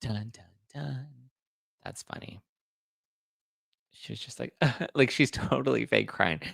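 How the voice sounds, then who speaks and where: A man's voice: medium pitch, animated, a little slow, creaky, a bit bright, no echo, clean studio sound. A man hosting celebrity gossip commentary, chatting to viewers in a gossipy way while he reacts to photos. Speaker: host.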